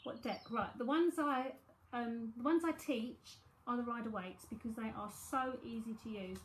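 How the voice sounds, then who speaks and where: In an echoey room with slight background noise, a South London psychic medium and tarot reader in her forties chats breezily with viewers during a live reading. Her voice sits a little high and runs at a normal speed, peppered with asides and fillers.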